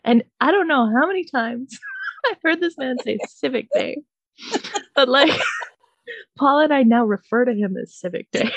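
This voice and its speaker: A young woman from Canada telling a comedic story, animated and profane, often laughing. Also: sits high, measured pace, vocal fry, long pauses, no echo.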